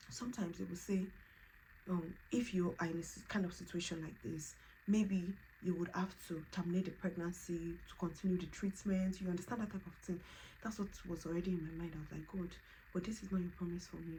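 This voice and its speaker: A woman's voice: fairly low pitch, slight background noise, poor audio. A woman, telling her personal story in a vlog and acting out what others said. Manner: animated, quotes others in lively voices. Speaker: vlogger.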